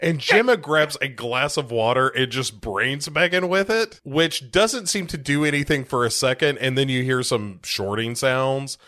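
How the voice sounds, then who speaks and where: A man's voice: medium pitch, moderate pace, hardly any pauses, sharp tone. A man co-hosting a podcast, recapping a movie in a casual, wry way. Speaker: podcast co-host.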